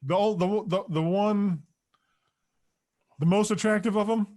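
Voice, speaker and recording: Male podcast host, relaxed banter, slightly raised pitch. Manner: easygoing, chiming in with quick quips. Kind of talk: casual chat.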